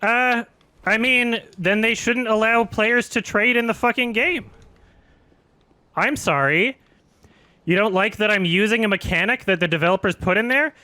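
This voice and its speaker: A man's voice: high-pitched, normal speed, pushed and bright, no echo. A man streaming a video game, ranting in an exasperated, sweary way and laughing as he talks. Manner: exasperated, sweary, laughing through his rant. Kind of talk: ranting live-stream commentary while gaming.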